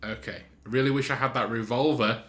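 A man's voice: medium pitch, fairly even intonation, quick pace, a bit bright. A man playing in a tabletop game, chatting casually and laughing often. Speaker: player.

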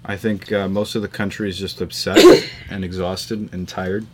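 Low-voiced, profane casual podcast guy. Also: little pitch movement, moderate pace. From New York tri-state area. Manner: casual, swears a lot, trails off with fillers. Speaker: podcast host. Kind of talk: casual group chat.

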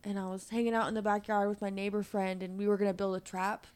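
A woman's voice: mid-range voice, flat delivery, quick pace, a little mellow, clear, resonant tone. A woman telling a childhood story in casual chat, giggling along the way.

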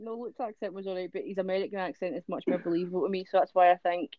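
A woman's voice: on the low side, fairly even intonation, rapid-fire, no echo. A woman with a Dundee Scottish accent co-hosting a podcast, chatting casually, swearing freely and laughing often. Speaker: podcast co-host. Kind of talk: casual chat. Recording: dull lo-fi sound.

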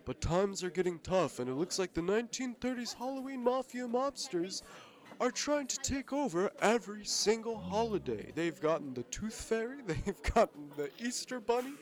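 A man's voice: high-pitched, expressive, moderate pace, voice pushed up. A man playing a scheming Santa Claus in an improvised comedy role-play, delivering rambling, mock-grand speeches. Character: scheming male Santa Claus leading a revenge mission.

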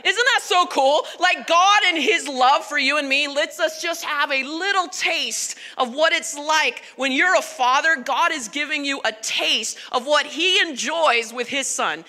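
Woman pastor, high voice, very bright tone, lively conversational sermon, long hall reverb. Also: normal speed, hardly any pauses. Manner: animated, emphatic, conversational.

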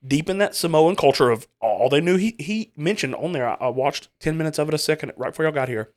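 A man's voice: a little high, quick pace. Rambling male podcast host, casual. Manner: rambling, animated storytelling with restarts. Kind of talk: casual chat.

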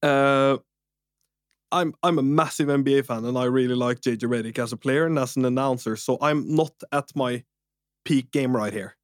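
A man co-hosting a podcast, telling an anecdote in a lively, laughing way. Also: medium pitch, normal speed, clean tone, no echo, studio quality. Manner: animated, laughs through his own story. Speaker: podcast co-host. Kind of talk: casual podcast storytelling.

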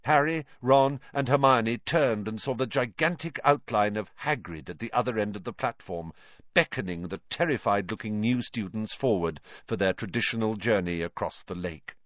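A man reading a story aloud in an animated storytelling manner, on a dull lo-fi recording. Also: lowish voice, moderate pace, no echo. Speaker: narrator. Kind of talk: audiobook reading.

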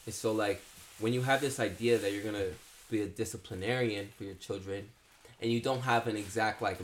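A man's voice: fairly low pitch, a little hiss or hum. A young man co-hosting a podcast, arguing his view in casual conversation, padding his talk with "like" and "you know". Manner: conversational, heavy use of filler "like" and "you know". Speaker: podcast co-host. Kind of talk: casual debate chat.

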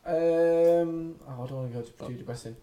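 A man's voice: a little high, fairly quick, dark tone. A man co-hosting a casual podcast, hesitant and full of fillers. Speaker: podcast co-host. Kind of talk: casual chat.

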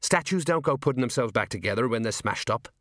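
A man's voice: medium pitch, animated, quick pace, fairly bright tone, no echo, clean studio sound, natural voice. A man reading the part of an anxious, complaining older police sergeant. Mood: whiny. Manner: whiny, complaining.

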